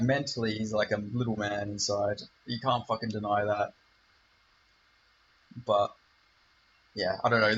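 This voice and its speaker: Swearing man ranting, bright dull audio. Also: fairly low pitch, slight background noise. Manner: heated, swearing, rambling. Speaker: channel host. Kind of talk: profane rant to camera. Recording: dull lo-fi recording.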